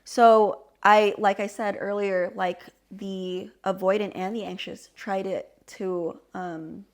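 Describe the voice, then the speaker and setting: A young adult woman co-hosting a podcast, explaining a subject in casual chat with an animated, filler-heavy way of talking. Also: mid-range voice, takes it slowly. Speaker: podcast co-host.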